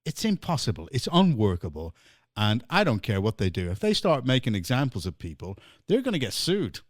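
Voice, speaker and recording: A man's voice: mid-range voice, wildly swooping pitch, a little fast, dry recording, clean studio sound. An English man hosting a podcast, chatting in a jokey way and laughing often. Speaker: podcast host. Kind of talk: casual podcast chat.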